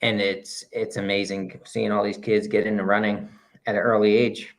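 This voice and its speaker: A man's voice: lowish voice, level tone, vocal fry. Man co-hosting a casual podcast. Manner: halting, restarts, reads prepared text. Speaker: podcast co-host.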